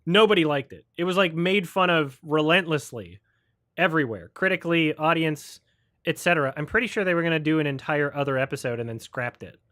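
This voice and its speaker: A man's voice: on the high side, animated, a little fast, a bit bright, no room sound, clean studio sound. A man hosting a livestream, ranting about films in a sarcastic, profane way and mocking people with put-on quotes. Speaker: host. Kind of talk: livestream film review chat.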